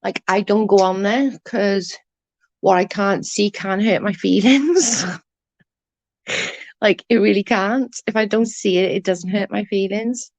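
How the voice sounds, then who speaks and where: A woman hosting a livestream answers comments in casual live chat, her English accent marking her as from England, and she's blunt and sweary about it. She talks at a measured pace in a mid-range, slightly mellow voice. The lo-fi stream audio is dull and dry, with no echo.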